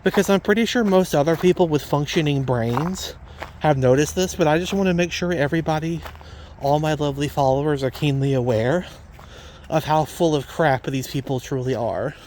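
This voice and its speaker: A man with a somewhat high voice delivers a ranting vlog monologue. He talks bluntly and indignantly and hammers the same points again and again. A faint hiss of background noise sits under his voice. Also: normal speed, darkish tone. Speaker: vlogger.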